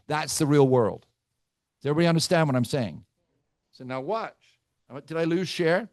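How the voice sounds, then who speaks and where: A man leading a live team training session, brash and teasing, quizzing his audience with rapid questions. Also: sits high, a little mellow, no room sound, clean studio sound. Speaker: real estate team trainer.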